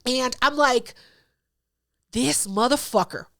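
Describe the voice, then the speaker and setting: A woman's voice: high-pitched, slow, a bit bright. A woman hosting a podcast, telling a story in casual, profane chat and acting out both sides of it. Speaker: podcast host.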